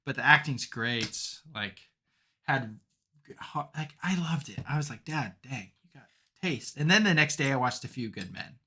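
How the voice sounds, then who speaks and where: A young man with a bright, forward voice chats casually as a podcast co-host. He rambles through his stories, piling on fillers, and grows animated when a story gets going. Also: mid-range voice, moderate pace, slightly rough. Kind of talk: casual chat.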